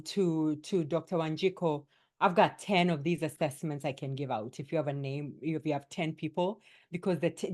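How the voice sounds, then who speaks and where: A woman coach leading a wellness workshop for doctors, her voice sitting a little low for a woman. She talks in a lively, emphatic way, driving each point home and often tagging it with a quick "right?" to keep the room with her.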